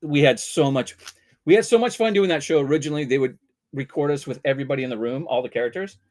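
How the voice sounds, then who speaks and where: A man from Vancouver, a voice actor telling casual, animated anecdotes and bursting into loud character voices. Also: mid-range voice, fast. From Vancouver, Canada. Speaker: voice actor guest.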